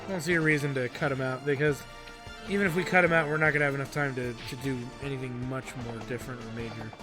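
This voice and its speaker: A man's voice: medium pitch, fairly even intonation, fast talker. A man giving casual, laid-back gameplay commentary with chatty asides. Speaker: let's play host. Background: game music.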